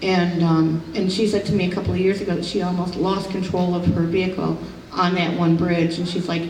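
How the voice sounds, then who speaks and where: A woman's voice: lowish voice, level tone, brisk, darkish tone, a little hiss or hum. A middle-aged woman, a psychic medium, giving a casual, rambling talk at an expo, full of fillers and restarts. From rural upstate New York. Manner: chatty, many fillers and restarts. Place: expo hall. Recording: roomy hall, recorded from a distance.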